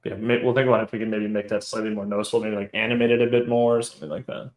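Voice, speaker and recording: A man's voice: on the low side, level tone, very fast, a little mellow, echoey room, low-quality recording. A man co-hosting a live stream, casually adding details to his partner's answers. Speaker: co-host and company founder.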